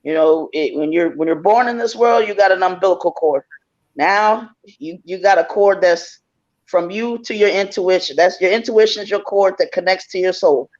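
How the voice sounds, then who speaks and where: A man's voice: high-pitched, normal speed, highs cut off. A man earnestly giving spiritual advice on a live stream, speaking reflectively with restarts.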